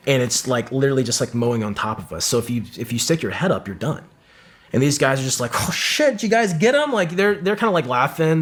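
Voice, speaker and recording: A middle-aged man, a former Marine sniper, telling a vivid combat story in casual talk, with lots of swearing and acted-out quotes. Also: medium pitch. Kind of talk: casual war story in an interview.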